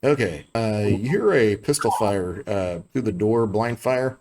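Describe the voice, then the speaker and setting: A man from the United States narrating as game master of a tabletop game, halting with many fillers. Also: fairly low pitch, lively intonation, background noise. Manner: halting, many uh fillers, breaks into quick character voices.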